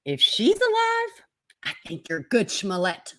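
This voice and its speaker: A woman's voice: medium pitch, huge pitch swings, measured pace. A woman hosting a casual livestream, talking animatedly, swearing freely and laughing often. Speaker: livestream host.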